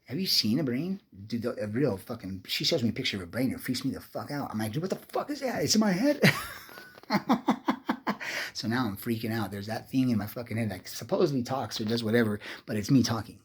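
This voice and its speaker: A man's voice: medium pitch, fast talker, few pauses, a little hiss or hum. A man in his fifties telling a meandering personal story, swearing constantly and restarting his sentences often. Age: 50s. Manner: profane, meandering, restless storytelling. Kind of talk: rambling personal monologue.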